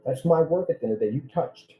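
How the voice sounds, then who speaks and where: A self-employed man vents in a vlog, directly and repetitively threatening one individual with indignation. His voice is on the high side and expressive, his pace quick, and the sound is phone-quality.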